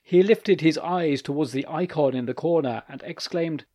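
A man narrating short stories for an audiobook with expressive, lively delivery. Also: a little high, normal speed, hardly any pauses.

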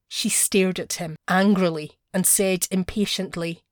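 A woman reading a classic short story aloud in a measured, expressive storytelling manner. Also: lowish voice, dry recording, clean studio sound. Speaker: narrator. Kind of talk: scripted story narration.

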